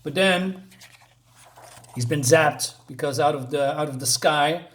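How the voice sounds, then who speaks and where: A man's voice: fairly high pitch, a little slow, fairly bright tone. A man casually reviewing a comic book, walking through the panels with lots of fillers and little chuckles. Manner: rambling, many fillers, chuckles at his own jokes.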